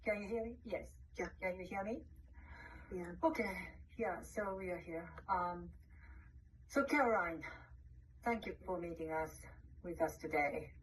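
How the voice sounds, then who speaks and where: Woman manager, low voice, measured formal delivery, distant noisy call audio. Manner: measured, formal, reads prepared wording. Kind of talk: formal scripted statement.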